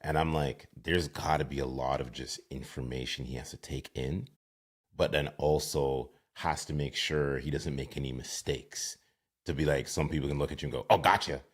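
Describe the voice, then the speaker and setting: A man's voice: very deep voice, steady tone, normal speed, slightly rough. A male podcast host asking chatty questions and heaping praise on his guest over a video call. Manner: effusive, admiring, chatty questions. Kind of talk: casual interview.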